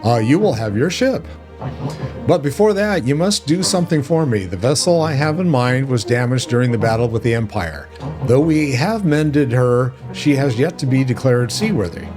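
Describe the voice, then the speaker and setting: A man's voice: mid-range voice, expressive, normal speed, music in the background, close to an everyday voice. A man voicing a blunt, mercenary male pirate captain from a video game, reading the lines aloud boldly. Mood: gruff. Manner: bold, boastful, reads game lines aloud with small stumbles.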